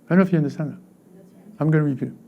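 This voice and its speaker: A middle-aged man preaching a sermon as pastor, halting and repeating words, swinging from quiet stretches to loud bursts. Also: on the high side, phone-quality sound.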